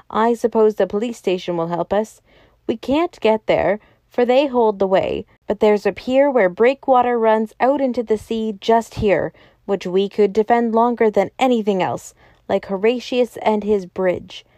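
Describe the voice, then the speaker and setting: A resolute young detective giving firm, commanding orders, as a woman narrator puts him on. The voice is mellow and warm, recorded dry and close. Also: medium pitch, unhurried, no echo, natural voice.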